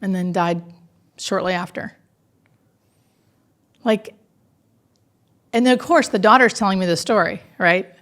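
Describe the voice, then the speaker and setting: A woman, a hospice nurse, telling stories in a conversational interview, animated and earnest with many filler words. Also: medium pitch, a little slow, long pauses.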